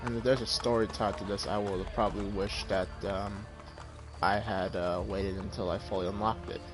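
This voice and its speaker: A man's voice: on the low side, steady tone, moderate pace, music in the background. A man casually commenting while playing a game, rambling and self-deprecating as he thinks aloud.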